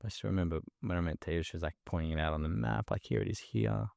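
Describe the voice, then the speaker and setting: A man's voice: deep voice, fast, vocal fry, darkish tone. A young Australian man, a guest in a casual interview, telling stories animatedly with lots of fillers and laughs.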